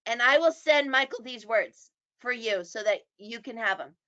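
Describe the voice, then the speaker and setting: Middle-aged woman teaching real estate, bright voice, slightly high, acts out people. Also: normal speed. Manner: animated, acts out quoted people. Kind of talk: presentation. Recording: dull lo-fi audio.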